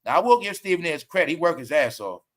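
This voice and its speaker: High bright-voiced man laughing through commentary. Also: quick pace. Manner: laughs often, slangy, profane, animated storytelling. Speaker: commentary livestream host. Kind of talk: casual commentary.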